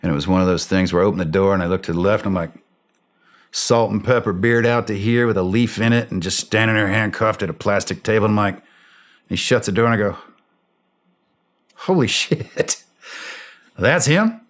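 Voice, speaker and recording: A man recounting a war story in lively, casual interview talk. His voice sits a touch low. He jumps into the voices of the people he quotes. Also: fast talker. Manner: animated, acts out quoted dialogue, laughs while telling. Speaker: interview guest, former special operator.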